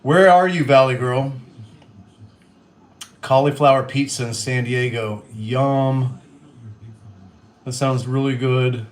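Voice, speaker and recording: A man's voice: medium pitch, slow pace, long pauses. A man in his thirties from Western Kentucky with a light Kentucky accent, chatting casually on a livestream while cooking and reading out viewer comments. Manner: chatty, reads out viewer comments, soft-spoken. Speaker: livestream host.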